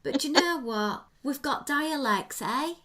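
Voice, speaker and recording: A woman's voice: high voice, animated, measured pace, sharp tone. A British woman hosting a podcast in friendly, chatty conversation. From Britain. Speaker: podcast host. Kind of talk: casual podcast chat.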